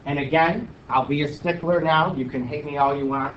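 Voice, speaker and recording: A man's voice: a little high, steady tone, moderate pace, hardly any pauses, far from the mic, slight background noise. A man teaching a math class, questioning students and joking as a self-declared stickler. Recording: roomy, dull, from across the room.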